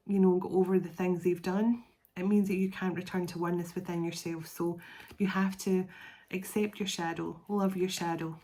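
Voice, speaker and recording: A woman's voice: on the low side, warm tone. A middle-aged woman giving a casual, rambling spoken tarot reading. She laughs often and restarts her phrases. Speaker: tarot reader.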